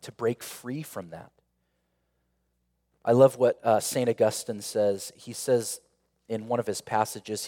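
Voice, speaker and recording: A man of middling pitch preaches a sermon in a church sanctuary, and his words ring with a long reverb through the large hall. He is earnest and leans on rhetorical questions and repeated phrases. He swells to emphatic peaks, then drops to a quiet, intimate tone. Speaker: pastor.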